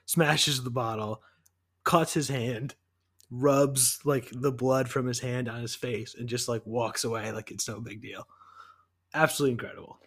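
A man's voice: medium pitch, fairly even intonation, normal speed, a bit bright. A man co-hosting a podcast in casual chat, enthusiastic, rambling and profane. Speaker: podcast co-host.

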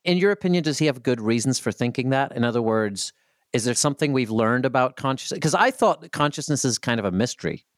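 A man's voice: mid-range voice, expressive, fast, no room sound, clean studio sound. Easygoing man co-hosting a podcast. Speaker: podcast co-host reading listener questions. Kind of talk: casual conversational podcast.

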